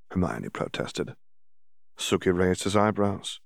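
A man's voice: deep voice, lively intonation, unhurried, creaky, no echo, studio quality. A man narrating a fan fiction audiobook, reading the story and shifting his voice a little for each character.

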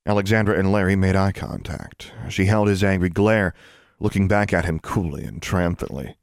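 A man reading a children's fantasy audiobook in steady, measured narration. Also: sits low, no room sound, studio quality. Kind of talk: scripted narration.

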